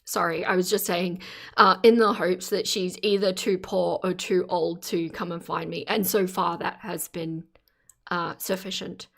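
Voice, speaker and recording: A woman's voice: lowish voice, fairly even intonation, measured pace, vocal fry. Earnest woman live streamer. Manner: earnest, exclaims in sympathy while reading chat. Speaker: live streamer reading chat. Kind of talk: casual live-stream commentary. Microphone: phone camera.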